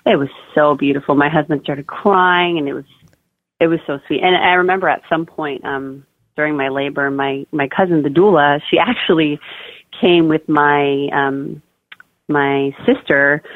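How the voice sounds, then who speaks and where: On a podcast, a young woman with a low, steady voice shares her birth story at normal speed, constantly saying "like" and "oh my God." There's no room sound, just a dry, tinny line resembling a phone call.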